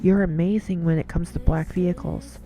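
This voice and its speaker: Earnest lower-voiced woman over soft music. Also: fairly even intonation, fairly quick. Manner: earnest, storytelling, repeats words. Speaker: Christian wife giving devotional talk. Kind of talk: casual devotional monologue.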